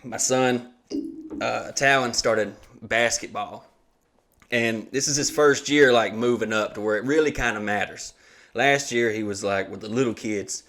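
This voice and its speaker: A man hosting a comedy podcast, telling stories in a loose, profane and animated way, often laughing. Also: fairly low pitch, a little slow. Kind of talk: casual comedic storytelling.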